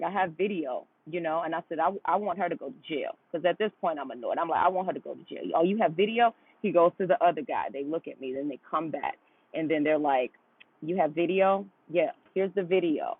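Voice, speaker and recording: A low-pitched woman with a breathy edge is heard on a dry recording over a tinny, phone-like line. Her contribution as a podcast guest is casual storytelling, studded with fillers and quoted exchanges.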